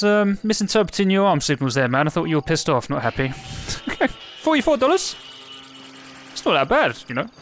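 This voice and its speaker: A man giving casual let's play commentary, chatty and musing, with hesitant restarts. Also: on the high side.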